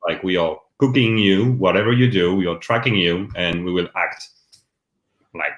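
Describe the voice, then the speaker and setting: A man's voice: deep voice, normal speed, echoey room, lo-fi sound. A man from France with a French accent, a guest talking candidly and animatedly in a casual live chat.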